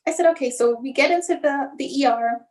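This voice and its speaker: A woman as an interview guest, telling a painful family story in a halting, emotional way, often restarting and filling with "like", and acting out others' lines as she goes. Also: high voice, darkish tone. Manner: acts out others' lines in her retelling. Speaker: guest, bereaved mother.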